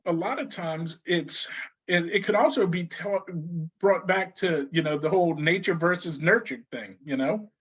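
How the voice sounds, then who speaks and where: A man with a notably high voice tells stories as a guest, laughing and restarting as he goes. The audio is slightly muffled and lo-fi. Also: moderate pace, husky. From New Orleans. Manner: animated storyteller, laughs often, many restarts. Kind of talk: casual conversation.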